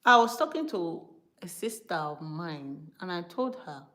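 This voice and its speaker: Animated Nigerian woman preaching casually. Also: fairly low pitch, unhurried. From Nigeria, Benin City. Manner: emphatic and animated, switching between English and pidgin, asides to the viewers. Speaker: live-stream host teaching from the Bible. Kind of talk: informal preaching on a live stream.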